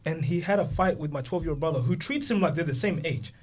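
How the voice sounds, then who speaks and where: A young man spinning family stories on a casual podcast, with a slightly high voice and very animated delivery. He jumps into the voices of the people in his stories as he goes. Faint noise hums behind him. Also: quick pace. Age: 20s. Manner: animated storyteller, acts out voices of kids. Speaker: podcast co-host. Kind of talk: casual storytelling chat.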